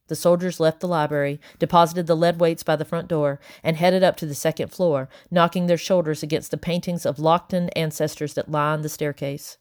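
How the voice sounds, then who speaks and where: Woman audiobook narrator, steady, measured, lowish. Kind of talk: first-person audiobook narration.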